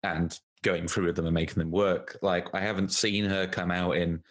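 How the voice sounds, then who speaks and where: Low-voiced man in casual chat. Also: flat delivery. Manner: chatty, laughs while talking, quick asides.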